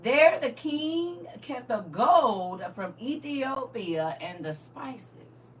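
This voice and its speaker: A woman's voice: a little high, big pitch swings, drawn-out words, recorded from a distance, a little hiss or hum. A woman, reading scripture aloud and commenting on it in a preachy way, full of rhetorical questions. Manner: preachy, rhetorical questions, swings from loud to quiet. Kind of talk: casual livestream commentary.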